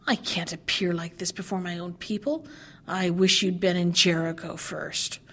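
A woman voicing a screeching, ungrateful little male dwarf in a storybook reading, shrill and scolding. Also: steady tone, moderate pace, pushed and bright. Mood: shrill angry.

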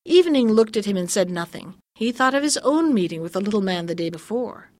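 A woman narrating a fairy tale in a measured, gently expressive storytelling voice. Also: medium pitch, no echo.

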